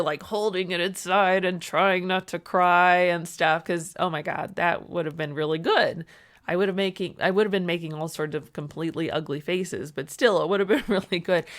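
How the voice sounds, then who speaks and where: A young woman with a slightly low voice speaks candidly in a personal video diary. Her talk is reflective and chatty, peppered with small laughs, "like" and "you know", and the odd casual swear. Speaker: vlogger.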